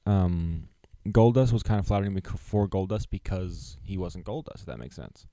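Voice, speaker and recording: A man's voice: low-pitched, dark tone, dry recording, studio quality. A young man co-hosting a casual wrestling podcast with his father, chiming in eagerly as a fan. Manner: eager, quick agreeing fan talk. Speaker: podcast co-host, son.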